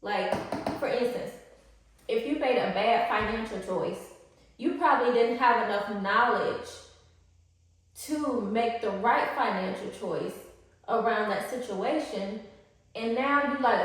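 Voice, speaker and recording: A woman life coach teaching casually, animated and slangy, acting out quotes from people she describes. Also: a little slow, far from the mic. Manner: animated, slangy, acts out high-pitched quotes. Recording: very echoey room.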